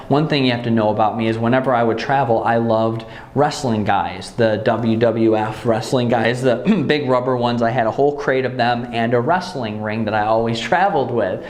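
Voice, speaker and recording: Earnest man recounting, echoey room. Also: mid-range voice. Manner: earnest and emotional, with frequent restarts. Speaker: channel host telling his own story. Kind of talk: personal storytelling.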